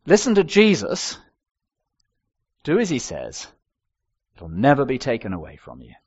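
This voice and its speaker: A man's voice: medium pitch, unhurried, husky, dull audio. An older man preaching a sermon, telling stories with wry humour. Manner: expressive storytelling with wry humour.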